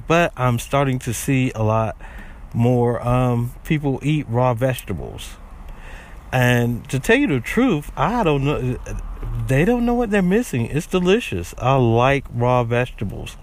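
Slow-talking chatty man hosting a podcast. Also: mid-range voice. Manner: rambling, chatty, with fillers and restarts. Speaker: podcast host. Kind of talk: casual chat.

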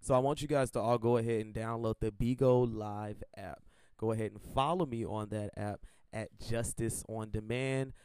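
A man's voice: on the low side, fairly even intonation, moderate pace, a little mellow, clean tone, no room sound, clean studio sound. A man hosting a podcast, chatting casually and plugging his own work in a slangy, self-promoting way. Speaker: podcast host.

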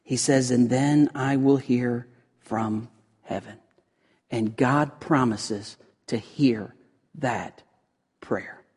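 A man preaching a sermon. He swings from loud, emphatic lines to hushed, near-whispered ones. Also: mid-range voice, extremely slow, pauses often, slightly rough. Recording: long reverb of a large hall.

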